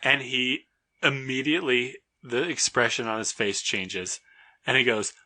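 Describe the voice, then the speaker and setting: Male podcast host, bright edgy tone, narrates with lots of laughter. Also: medium pitch, a little slow. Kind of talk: casual podcast storytelling.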